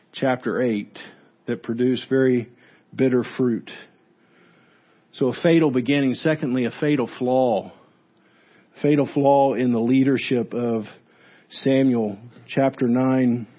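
A man's voice: mid-range voice, highs cut off. A male pastor preaching a sermon in a church, reading scripture aloud with emphatic, repeated phrases. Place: church sanctuary.

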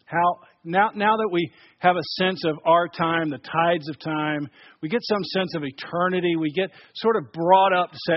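A male pastor delivers a sermon in a fairly high voice. He preaches emphatically, rising and falling in volume and doubling back on words. The sound is dry and a bit dull. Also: moderate pace, dry recording. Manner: emphatic, shifts between loud and soft, repeats words.

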